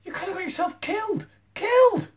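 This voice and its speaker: A man voicing a gruff male zookeeper in a storybook reading, scolding loudly. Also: on the low side, steady tone, fairly quick.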